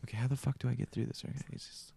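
A man on a gaming podcast, telling a game story in an animated way, with lots of swearing and acted-out reactions. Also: mid-range voice, racing, gravelly, breathy edge, dry recording. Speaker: podcast co-host. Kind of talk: casual gaming chat.

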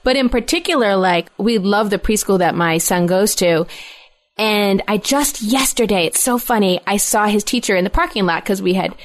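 A woman's voice: medium pitch, normal speed. A woman in her thirties co-hosting a podcast, telling family stories in casual chat and laughing often as she talks. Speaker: podcast co-host.

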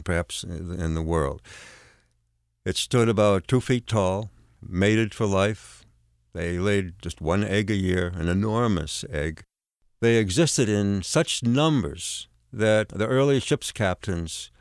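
Deep smooth guy explaining stuff, dry studio sound. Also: no echo. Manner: earnest, explanatory, occasional fillers. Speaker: guest, kayaker. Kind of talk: interview answer.

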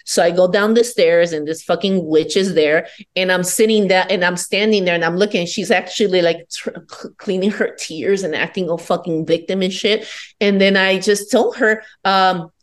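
A woman's voice: on the low side, fairly even intonation, moderate pace. A woman from Peru, a podcast guest, telling her personal story in a candid, profane and defiant way.

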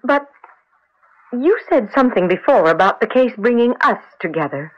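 An actress playing a gentle, earnest young woman who speaks softly and questioningly, in 1940s radio acting style on a lo-fi old radio recording. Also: on the high side, animated, normal speed. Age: young adult.

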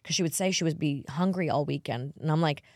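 A woman's voice: sits low, fast talker, no echo, clean studio sound. A middle-aged woman co-hosting a podcast in casual chat, telling stories and acting out quotes. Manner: chatty storyteller, acts out quotes. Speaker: podcast co-host.

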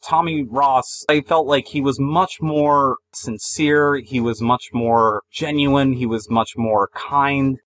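Guy debating a film, mid pitch, pushy and emphatic, bit of background hiss. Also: a bit bright, low-quality recording. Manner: argumentative, emphatic. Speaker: film reviewer.

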